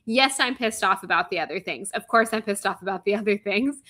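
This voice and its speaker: A woman's voice: medium pitch, a little fast, hardly any pauses, pushed and bright. A woman in her thirties co-hosting a podcast, delivering a comedic, exasperated rant full of sarcasm and swearing. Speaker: podcast co-host.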